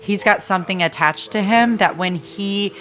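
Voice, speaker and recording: A woman's voice: mid-range voice, normal speed, a bit bright, a little hiss or hum. A woman co-hosting a podcast in casual chat, blunt and reactive, swearing freely. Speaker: podcast co-host.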